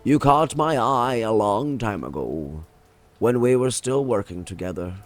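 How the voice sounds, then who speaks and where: A man's voice: on the low side, expressive, a little slow, soft background music. A man reading out the lines of a secretive male agent who admires his old colleague, with small stumbles as he reads. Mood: friendly.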